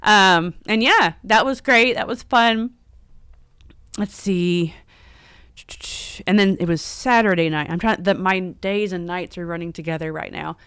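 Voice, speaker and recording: A woman's voice: on the low side, measured pace, a bit bright, clear, resonant tone, no room sound. A middle-aged woman, hosting a casual live stream, chatty, emotional, and close to tears as she laughs. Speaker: livestream host and horror store owner.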